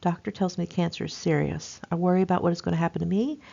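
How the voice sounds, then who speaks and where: A woman reading as an older woman patient facing cancer, anxious and hurried. Her low, gravelly voice comes through a dull lo-fi recording. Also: warm tone. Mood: worried.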